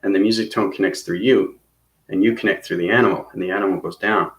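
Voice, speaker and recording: A man's voice: low voice, steady tone, fast talker, fairly bright tone, echoey room. A man giving a rambling spiritual lesson, often stopping to check in with "okay?" and "right?". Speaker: spiritual teacher. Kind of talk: casual instructional monologue.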